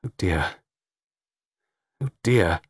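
A nervous teenage girl, voiced by a male narrator in an audiobook. She speaks in a shaky, hushed voice, nearly whispering. The recording is close and dry. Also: on the high side, expressive, normal speed, husky, no room sound, pitched above the performer's own voice. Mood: frightened. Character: nervous sixteen-year-old girl.

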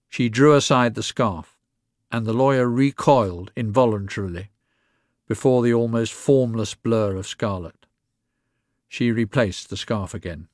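A man narrates a story in an even, measured voice at a middling pitch. The recording is dry, with no room sound around it. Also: no room sound. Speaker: reader.

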